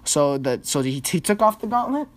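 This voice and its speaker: A man reading a text aloud and breaking off into picky, animated rants, with casual swearing. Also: fairly high pitch, moderate pace, slight background noise. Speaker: co-host reading a trailer breakdown. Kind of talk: casual podcast chat, reading aloud with commentary.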